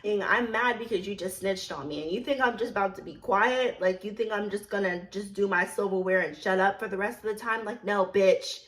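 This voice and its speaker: A young woman telling a casual storytime vlog about her serving job, animated, blunt and full of swearing and emphatic repetition. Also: mid-range voice, a little fast, few pauses. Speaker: storyteller recounting her work as a server.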